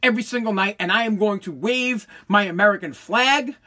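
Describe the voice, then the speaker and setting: A man's voice: high voice, a little fast, bright, forceful tone. A man hosting his own podcast from his basement, ranting in a heated, profane way with frequent stumbles and repeated words. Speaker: podcast host. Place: home basement.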